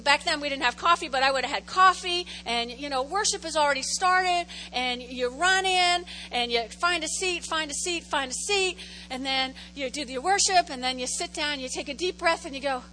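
High bright woman pastor telling stories. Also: a little hiss or hum, low-quality recording. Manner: animated storytelling, repeats phrases for effect. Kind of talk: conversational sermon. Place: church sanctuary.

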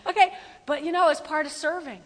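High, bright-voiced woman pastor preaching. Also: brisk, in a large hall. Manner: animated, playful, talks directly to the congregation. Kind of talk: sermon.

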